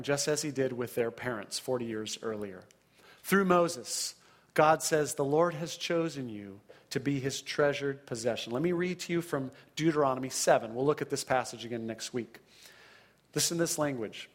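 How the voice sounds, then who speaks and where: A man's voice: medium pitch, normal speed. A man preaching a sermon, reading scripture aloud with dramatic emphasis and checking in with the congregation. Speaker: pastor.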